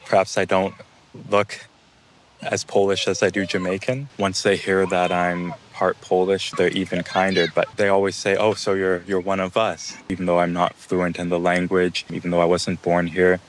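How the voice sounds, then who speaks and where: A man recounting family stories in a calm, measured way. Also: deep voice, a little hiss or hum. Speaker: interviewee. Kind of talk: casual personal storytelling.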